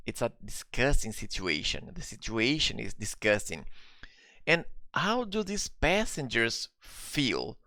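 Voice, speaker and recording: A man's voice: fairly low pitch, creaky, sharp tone, no room sound. A man teaching a live online English lesson, patiently explaining step by step and often checking in with his students.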